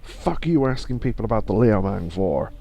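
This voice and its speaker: A man's voice: lowish voice, sing-song, normal speed, gravelly, dark tone, full character voice. A man voicing a hostile male street thug who speaks in a blunt, threatening way. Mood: menacing.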